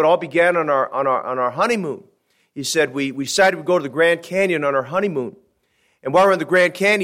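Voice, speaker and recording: A male pastor preaching a sermon, telling a folksy joke and then reading scripture slowly and emphatically. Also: a little high, a bit bright.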